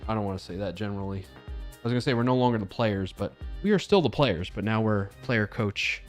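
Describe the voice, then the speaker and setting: Guy hosting his live stream, chatty and upbeat but kinda low energy, little bit of music behind. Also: animated, a little fast. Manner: upbeat, chatty, leads viewers through stretches. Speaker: livestream host. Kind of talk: casual live-stream chat.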